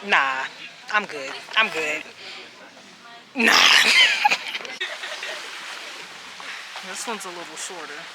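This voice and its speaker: A woman's voice: low-pitched, animated, unhurried, pauses often. A young woman vlogging by a lakeside cliff, chatting and joking in slang as she films on a handheld camera. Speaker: travel vlogger. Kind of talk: casual vlog chat. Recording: loud outdoor noise.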